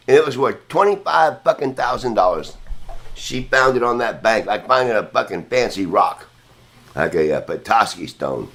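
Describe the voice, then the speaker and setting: A man's voice: lowish voice, expressive, normal speed, a bit bright. Profane, rambling male podcast host. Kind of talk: casual storytelling.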